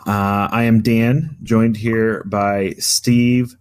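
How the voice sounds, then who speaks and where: A man's voice: fairly low pitch, flat delivery, very slow, a little mellow, clean tone. A man hosting a casual gaming podcast, telling a long story with lots of fillers and restarts. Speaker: podcast host.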